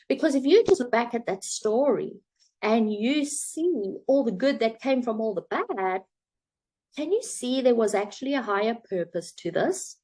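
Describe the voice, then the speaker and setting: A woman coach telling a parable and drawing a motivational lesson from it, in a chatty storytelling way with some fillers. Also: fairly high pitch. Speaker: self-help coach.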